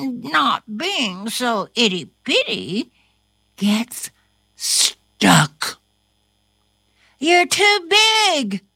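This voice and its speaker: Lady reading a kids picture book real slow, bright sing-songy voice, gasps and sound effects, dry mic. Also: high-pitched, no echo. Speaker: storybook reader. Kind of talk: children's picture book read-aloud.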